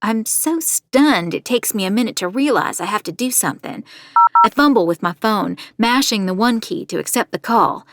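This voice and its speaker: A determined true-crime podcaster. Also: female voice, mid-range voice, animated, a bit bright. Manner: measured, confiding storytelling. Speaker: narrator. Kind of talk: first-person audio drama narration.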